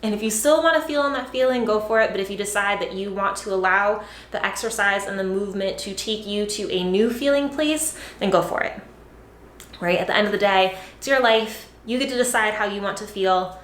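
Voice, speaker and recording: Speaking fairly quickly in a medium-pitched, slightly bright voice, a woman fitness coach chats casually to her viewers in a direct-to-camera vlog. The sound is reverberant with slight background noise. She's encouraging and repetitive, constantly tagging sentences with "right?" and sprinkling in "like."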